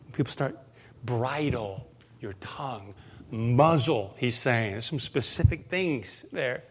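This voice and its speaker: A male pastor preaching a conversational sermon, moving into animated storytelling. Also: medium pitch, takes it slowly, slightly rough.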